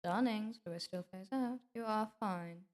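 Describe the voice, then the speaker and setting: A woman's voice: medium pitch, moderate pace, a little mellow. A woman streamer chatting in character with viewers at her debut, theatrical and affectionate, calling them darling. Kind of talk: in-character livestream debut chat.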